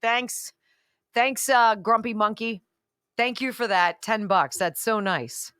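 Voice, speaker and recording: A woman's voice: a little high, slow pace, sharp tone, smooth, faint music behind. A woman hosting a political talk radio show, emphatic, indignant and sarcastic.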